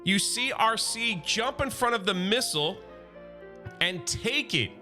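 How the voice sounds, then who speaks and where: A man's voice: high voice, lively intonation, unhurried, sharp tone, soft background music. A man recapping a comic in a casual, enthusiastic and chatty way. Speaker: comic book reviewer.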